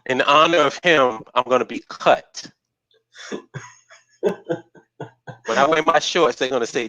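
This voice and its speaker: A man's voice: medium pitch, slow, pauses often, sharp tone, dry recording, highs cut off. A man on a live stream discussion who talks in a sarcastic, profane way. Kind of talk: casual discussion.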